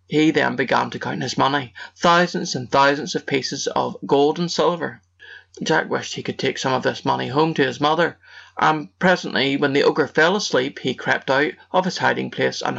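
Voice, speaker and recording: Male storybook narrator, gravelly, steady read-aloud rhythm, muffled audio. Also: mid-range voice.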